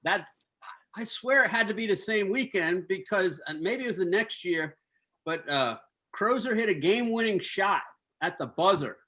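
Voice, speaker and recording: A man's voice: high voice, expressive, moderate pace, sharp tone. A man, a former assistant coach, retelling old team stories with laughter and restarts. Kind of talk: casual storytelling chat.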